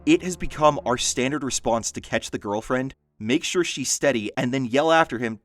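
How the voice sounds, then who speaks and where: A man reading funny stories aloud in a lively storytelling manner, with dry asides. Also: mid-range voice, normal speed, hardly any pauses, no echo, soft background music. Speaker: story narrator.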